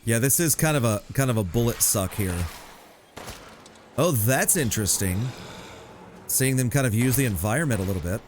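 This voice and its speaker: A man's voice: mid-range voice, animated, moderate pace, pauses often, a little hiss or hum. A young man giving casual, joking commentary while playing a video game at home. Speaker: gameplay commentator. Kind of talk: casual let's-play commentary.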